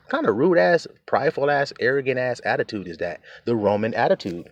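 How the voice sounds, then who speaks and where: A man's voice: medium pitch, animated, quick pace, a little hiss or hum. A man preaching in a casual, emphatic way, cursing freely and chuckling often. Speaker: religious teacher. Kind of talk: informal preaching rant.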